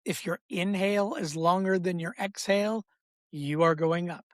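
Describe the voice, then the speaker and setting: A man who works as a breathwork coach, explaining in a podcast interview with an emphatic, repetitive teaching cadence and an animated delivery. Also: high voice, normal speed, no room sound. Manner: animated, acts out inner voices.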